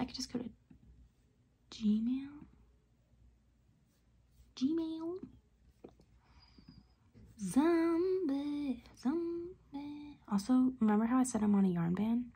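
A young woman vlogging casually about crochet, rambling with lots of fillers, her voice hoarse and half-whispered as she feels unwell. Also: mid-range voice, a little fast, long pauses. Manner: rambling, filler-heavy, slips into soft whispery phrases. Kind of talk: casual vlog chat.

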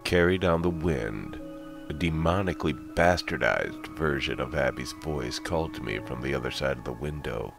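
A man with an extremely deep voice reads a horror story aloud. He is slow, grave and dramatic, and each line is carefully scripted. Faint music plays behind him. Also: gravelly. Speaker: narrator.

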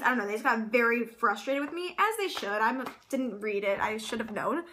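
Young female vlogger, high bright voice, chatty and dramatic. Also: animated, normal speed, slight background noise. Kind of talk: casual vlog chat.

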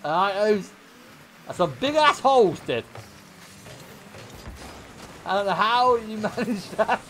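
A man's voice: sits high, animated, slow, fairly bright tone, a little hiss or hum. A man streaming, telling a profane story to chat and laughing often.

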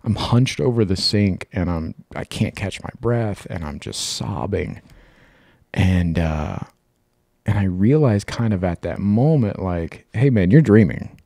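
A man's voice: low voice, lively intonation, measured pace, creaky, dark tone, no echo, clean studio sound. A man co-hosting a podcast, telling a long personal story in casual chat, rambling and swearing freely. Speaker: podcast co-host.

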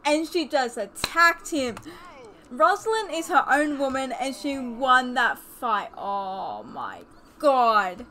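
A young woman chatting excitedly while commentating a life-sim game, gasping and exclaiming often. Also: high-pitched, slow, a little hiss or hum. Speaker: let's play host. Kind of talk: casual gameplay commentary.

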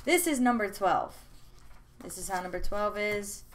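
A woman's voice: medium pitch, animated, a little slow, noisy background. Chatty young woman gushing over sketches. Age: young adult. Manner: chatty and rambling, with many fillers and restarts; gushing and enthusiastic. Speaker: art vlogger. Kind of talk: casual chat. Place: room at home.

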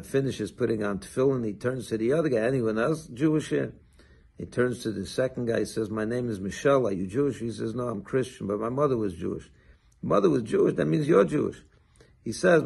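A man, a rabbi, giving a short sermon and telling a story with lively acted-out dialogue. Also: lowish voice, slightly rough. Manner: animated storytelling, acts out quoted dialogue.

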